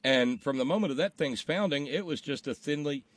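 A man's voice: a little high, animated, fairly quick, no echo. A man hosting a political talk show, blunt and wry, swearing casually as he reads listener questions.

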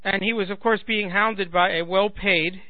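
A man with a fairly high voice rants in an indignant, sarcastic monologue, circling back and repeating himself as he builds his point. The sound is dry and squeezed into a thin, telephone-like band, like talk radio. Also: steady tone, moderate pace, no room sound. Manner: sarcastic, indignant, repeats words while thinking. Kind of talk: political commentary monologue.

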